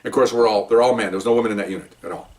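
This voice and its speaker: A man's voice: fairly low pitch, very fast, a little mellow, distant mic. An older man, a retired police officer, telling stories casually, chatty and joking, with frequent "okay?" asides. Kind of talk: casual first-person storytelling.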